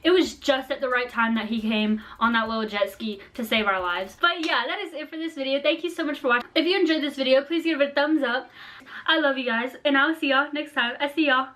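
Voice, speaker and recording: A young woman vlogger telling a story in a chatty, animated way, full of slang and fillers. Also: sits high, fairly quick. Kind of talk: casual storytime vlog.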